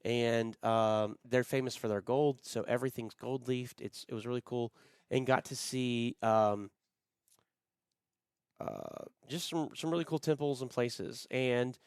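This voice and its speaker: A man with a smooth, clear voice talks in relaxed podcast chat, wandering through his stories with plenty of ums and uhs. The sound is close and dry, with no room behind him. He comes across as middle-aged and easygoing. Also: medium pitch, measured pace, no room sound. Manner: rambling, frequent fillers, friendly storytelling. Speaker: podcast co-host. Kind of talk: casual chat.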